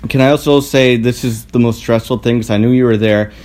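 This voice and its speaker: A woman with an extremely deep voice, chatting casually as a podcast co-host. She listens with sympathy and talks in a laid-back way, with casual swearing. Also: steady tone, brisk, a little mellow. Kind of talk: casual chat.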